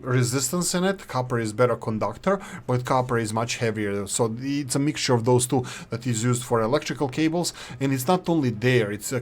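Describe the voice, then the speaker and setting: A man's voice: mid-range voice, a little mellow. A man, hosting casual gameplay commentary in a rambling, opinionated way. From former Yugoslavia. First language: Serbo-Croatian. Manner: rambling, opinionated, self-correcting. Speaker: gaming channel host.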